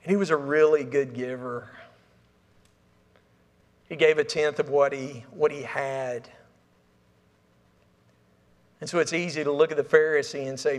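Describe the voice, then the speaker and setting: A man's voice: fairly high pitch, steady tone, normal speed, long pauses. Man preaching in a reverberant church. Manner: conversational, repeats words, asks the congregation questions. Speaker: pastor. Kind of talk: sermon. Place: church sanctuary. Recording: long reverb of a church hall.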